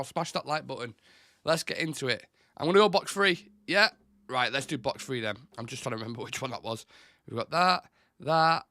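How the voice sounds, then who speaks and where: Chatty male host, reads the chat aloud, bright tense tone. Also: medium pitch, no room sound. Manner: chatty, reads out chat comments, restarts and fillers. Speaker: host of a live football fan show. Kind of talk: casual live-stream chat.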